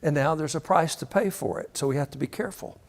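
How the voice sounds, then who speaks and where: A man, preaching a sermon and telling stories with animated quoted voices. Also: on the high side, quick pace. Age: 60s. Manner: animated storytelling, acts out quotes with shifting voice. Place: church hall. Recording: reverberant church hall.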